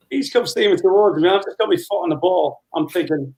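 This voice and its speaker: A man in his fifties, a former footballer, telling lively anecdotes with frequent laughter as an interview guest. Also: sits high, takes it slowly, long pauses, poor audio. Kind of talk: casual storytelling interview.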